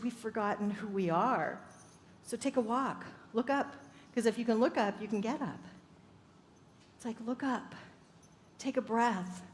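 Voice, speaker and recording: A woman minister giving an upbeat sermon, telling stories and laughing often. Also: on the high side. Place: church sanctuary. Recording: echoey hall with faint ambience.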